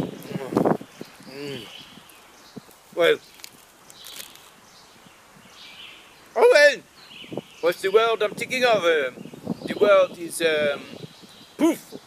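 A silly cartoon Frenchman with a mustache, as a man puts him on, talking in a high, sing-song voice that leaps around wildly. He draws out his words slowly and theatrically in a put-on cartoon French accent. The sketch is recorded outdoors on grass. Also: noisy background, heavily acted. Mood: whimsical. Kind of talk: comedic sketch vlog.

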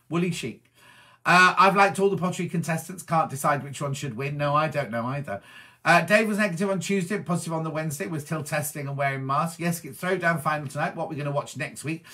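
A middle-aged man from Wiltshire in England, chatting as a presenter as he reads out viewer messages and answers each one with quick asides. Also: on the high side, sharp tone. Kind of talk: casual chat reading viewer comments.

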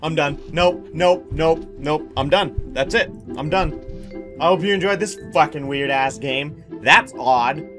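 A man's voice: fairly high pitch, measured pace. Profane, bemused man commentating a game. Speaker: let's play host. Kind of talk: casual gameplay commentary. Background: game music.

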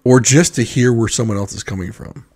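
A man's voice: mid-range voice, fairly quick. An American man co-hosting a podcast, chatting casually and acting out other people's reactions as he tells stories. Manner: animated storyteller, acts out others' reactions. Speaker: podcast co-host. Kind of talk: casual chat.

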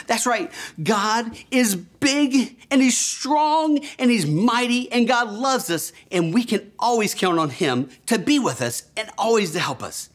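A man storyteller for young children, his pitch jumping lively all over as he tells the story with bright enthusiasm. He gasps and pulls the little listeners in, asking them to repeat words back to him. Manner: enthusiastic, gasping, leads children in call-and-response.

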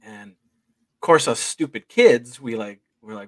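A man's voice: mid-range voice, very animated. A man in his forties, a guest telling a story casually, rambling and full of fillers. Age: 40s. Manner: rambling, slow delivery with many fillers. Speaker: guest filmmaker.

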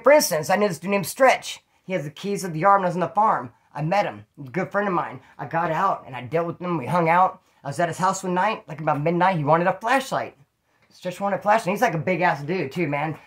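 Man, quick rambling storyteller, slangy, swears a lot, repeats himself. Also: high-pitched, a bit bright. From California. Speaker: storyteller about prison life. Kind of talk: casual storytelling monologue.

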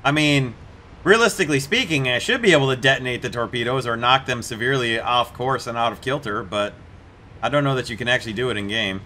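A man with a bright, forceful voice talks loosely over his gameplay, chatty and amused. His pitch sits in the middle for a man. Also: quick pace, a little hiss or hum. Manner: chatty, amused, puts on mock accents for jokes. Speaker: gameplay video host. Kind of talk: casual gameplay commentary.

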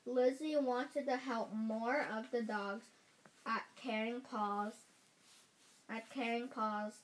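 Woman reading a kids' chapter book aloud at a slow pace; careful delivery, frequent slips and self-corrections. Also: a little high, rough recording. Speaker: reader.

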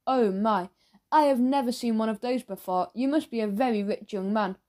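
A woman's voice: on the high side, normal speed, a little mellow, lightly acted. A woman voicing an overly eager, chatty male newsagent who keeps pushing sweets in a salesy, fawning way.

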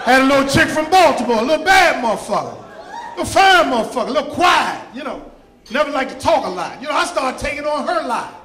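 A man doing a loud, rowdy stand-up comedy set, shouting his punchlines on a comedy club stage. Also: very high-pitched, big pitch swings, quick pace. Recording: roomy club with audience noise. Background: audience laughter and crowd noise.

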